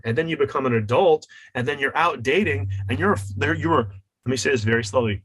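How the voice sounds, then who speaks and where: A man's voice: medium pitch, brisk, fairly bright tone, dry recording, poor audio. A man, a wellness coach and author, speaking as a podcast guest in an emphatic, teacherly way. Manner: emphatic, teacherly, acts out voices in his examples.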